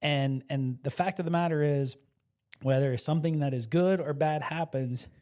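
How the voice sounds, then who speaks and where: A man's voice: fairly high pitch, moderate pace. A man from South Louisiana, a podcast guest, telling stories in casual chat and acting out the voices he quotes. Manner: animated storyteller, acts out quotes; passionate, excitable.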